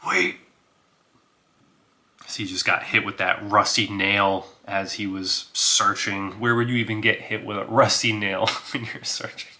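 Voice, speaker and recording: A man's voice: fairly low pitch, flat delivery, normal speed, few pauses, bright, forceful tone. A man casually narrating his solo tabletop role-playing game, thinking aloud with filler words and small chuckles.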